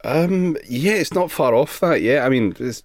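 A man hosting a podcast, presenting news stories with dry, deadpan humor. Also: medium pitch, unhurried, no room sound. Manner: dry, deadpan, laughs often. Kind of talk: casual news banter.

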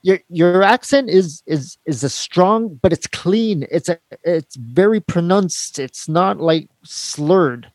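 A man's voice: sits high, animated, slow, few pauses, a little mellow, no room sound. A man from Canada, a podcast host chatting casually, who apologizes and often interrupts. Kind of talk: casual chat.

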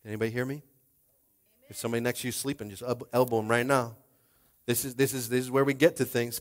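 A man preaching a rousing sermon, swinging from hushed asides to shouted climaxes. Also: medium pitch, little pitch movement, fast. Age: adult with a young child. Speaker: pastor.

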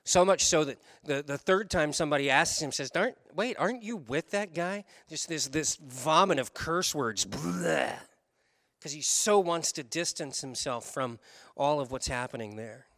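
A man preaching a sermon, telling a story in an animated way, switching between quick runs and slow, stressed words. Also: fairly high pitch, no echo, studio quality. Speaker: pastor.

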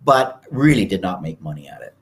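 A man's voice: low voice, sing-song, a little fast. A man in his fifties, a podcast guest, telling stories and acting out quoted people in raised voices. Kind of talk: storytelling interview talk.

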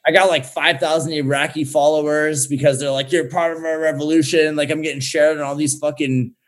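Profane, animated young man telling a story. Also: on the high side, a little fast. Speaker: guest. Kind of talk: casual storytelling.

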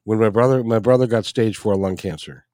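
Hesitant man with halting speech. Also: fairly low pitch, mellow. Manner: hesitant, halting, many restarts. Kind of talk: conversational storytelling.

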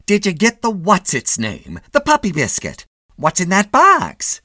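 A shrill, nagging middle-aged wife, as a male reader puts her on scolds in a piercing, high voice. She sounds fussy and loud, read close and dry like a storybook. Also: wildly swooping pitch, a little slow, no echo, full character voice. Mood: scolding.

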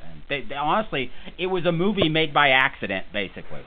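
A man's voice: on the high side, big pitch swings, fast talker. A man hosting a podcast in casual chat, rambling and joking at his own expense. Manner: rambling, joking, self-deprecating. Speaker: podcast host. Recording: tinny phone-like audio with faint hiss.

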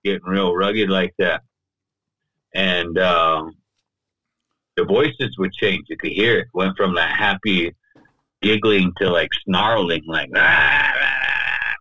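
Man, low voice, bright forceful tone, podcast guest, conversational storytelling, loose filler-heavy talk, dry close mic. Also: fairly even intonation, takes it slowly, long pauses, dry recording, rough recording. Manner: loose and talky, fills with "you know" and "right?". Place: podcast studio.

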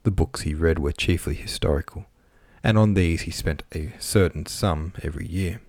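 This low-voiced man is an audiobook narrator giving a scripted reading of a classic novel. He moves at a moderate pace with a slightly mellow tone, and the studio sound is clean with no room sound.

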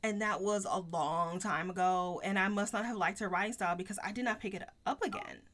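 Blunt, bright-voiced woman reviewer. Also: mid-range voice, a little fast. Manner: blunt, emphatic, swears freely. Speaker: book podcast co-host. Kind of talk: casual book review chat.

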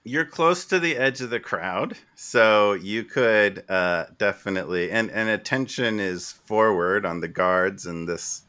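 A man who is the game master of a tabletop game, narrating in a relaxed, rambling way with fillers. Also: on the low side, unhurried, few pauses.

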